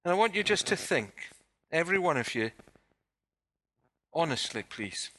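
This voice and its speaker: Bright-voiced pastor preaching. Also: male voice, fairly high pitch, big pitch swings, normal speed, pauses often. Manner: direct rhetorical questions to the congregation. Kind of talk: sermon. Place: church service.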